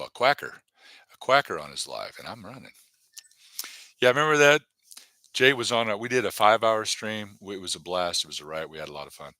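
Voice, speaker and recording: Male comedy host, low but lively voice, rambling live-stream banter, dry close sound. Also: no echo. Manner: rambling, jokey, many fillers. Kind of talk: casual live-stream chat.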